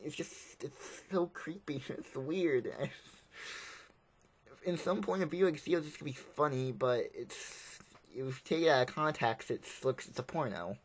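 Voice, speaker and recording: Male film reviewer, mid-pitched voice, loose rambling delivery, casual and unscripted. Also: animated, normal speed. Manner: rambling, repeats himself, plain-spoken.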